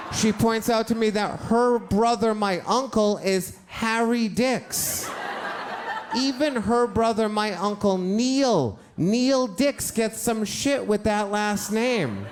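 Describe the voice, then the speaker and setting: Middle-aged male storyteller, live stage, slightly high voice, expressive delivery. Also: slow pace, background noise. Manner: animated, rising loud and high in the punch lines. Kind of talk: live first-person storytelling. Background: audience laughter.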